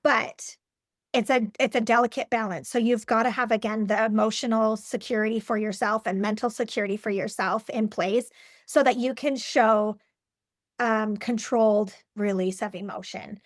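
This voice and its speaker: A woman's voice: fairly high pitch, steady tone, moderate pace, no room sound, clean studio sound. Earnest, reflective woman guest in her forties. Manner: earnest, reflective, frequent fillers and restarts. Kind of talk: personal interview conversation.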